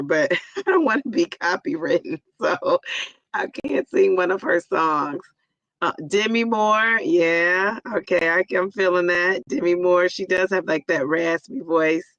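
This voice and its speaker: A woman in her forties with a hoarse, raspy voice from a cold, yet bright and forceful in tone. She chats loosely on a live stream and greets viewers one by one. The sound is dry and a little dull. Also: lowish voice, a little slow, no echo. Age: 40s. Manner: chatty, greets viewers by name. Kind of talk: casual live-stream chat.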